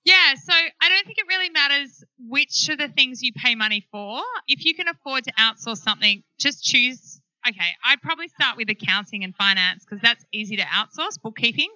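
Frank, lively woman founder on a panel; slightly high, dry close-miked voice. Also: normal speed, hardly any pauses, dry recording, poor audio. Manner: animated, frank storyteller. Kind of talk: live panel discussion.

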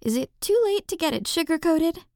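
A man's voice: extremely high pitch, expressive, moderate pace, vocal fry, darkish tone, no room sound, studio quality, voice pushed up, heavily acted. A man voicing an eager, smitten young woman who talks in a breathless, gushing way.

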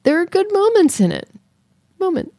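A woman co-hosting a casual podcast, playful and quick to laugh as she reviews a film. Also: very high-pitched, sing-song, warm tone, no echo, studio quality. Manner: playful, laughs often, breaks into sung bits. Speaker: podcast co-host. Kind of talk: casual chat.

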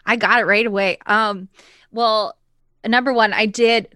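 A woman's voice: on the high side, steady tone, unhurried, sharp tone, clear, resonant tone, dry recording, studio quality. A woman chatting casually and enthusiastically with friends, with lots of likes and ums. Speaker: podcast panelist. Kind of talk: casual group chat.

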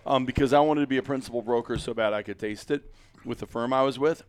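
Rambling, jokey man with a smooth voice. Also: medium pitch, fast talker, no room sound. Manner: rambling, jokey, many fillers and restarts. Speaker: podcast host. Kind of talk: casual chat.

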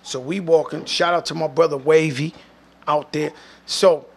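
A man with a New York accent tells a story as a talk-show guest. His voice sits high for a man and has a gravelly rasp. His delivery is animated and slangy, with loose profanity. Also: moderate pace. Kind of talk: casual storytelling.

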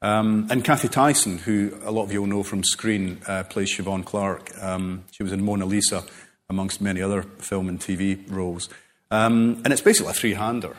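A man being interviewed as a novelist, telling rambling, animated stories full of self-corrections. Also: lowish voice, a little fast. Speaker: novelist guest. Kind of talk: relaxed conversational interview.

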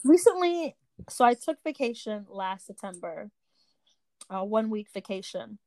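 A woman's voice: medium pitch, very animated, normal speed, dark tone, no room sound. A young woman in casual conversation, talking in a searching, hesitant way with many restarts. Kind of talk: casual chat.

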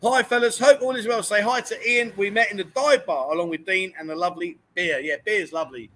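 High, bright-voiced man joking. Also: brisk, slight background noise. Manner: jokey, teasing, often says "unbelievable". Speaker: livestream host. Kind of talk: casual banter, reading viewer comments. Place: indoors in a bookshop.

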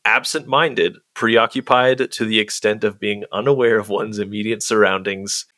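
Chatty man with a bright voice. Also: fairly low pitch, normal speed, no room sound, studio quality. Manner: relaxed, chatty, lots of "like". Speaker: host and game master. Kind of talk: explaining a role-play game, casual.

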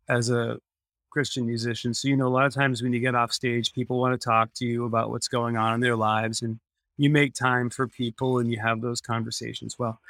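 A man's voice: medium pitch, fairly bright tone, dry recording, clean studio sound. A man, a podcast guest, telling a personal story in an earnest way and repeating phrases for emphasis.

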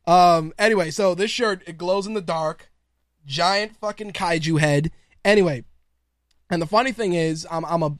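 A man's voice: a little high, dry recording, clean studio sound. A man hosting his own podcast in casual solo talk, rambling, laughing often and swearing freely. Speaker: podcast host.

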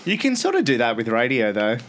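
Animated Australian podcast host. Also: male voice, medium pitch, brisk. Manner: joking, animated. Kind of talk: casual podcast chat.

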